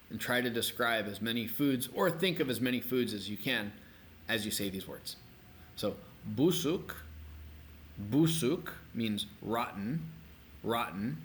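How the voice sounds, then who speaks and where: A middle-aged man giving a recorded language lesson, energetic and repeating words slowly for learners to copy. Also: medium pitch, slight background noise. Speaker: language teacher.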